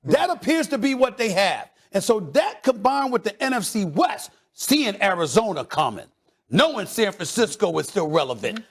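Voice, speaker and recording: A man hosting a heated sports debate show, loud and emphatic, teasing his co-hosts and repeating himself for effect. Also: sits high, very animated, normal speed.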